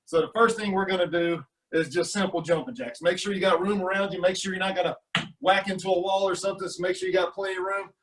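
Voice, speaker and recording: Over video, a man coaches a youth golf class, talking the kids through a lesson and counting out exercises as he does them, getting out of breath during burpees. His voice sits high with fairly even intonation and he talks fast; there's background noise, and he's a little distant from the mic.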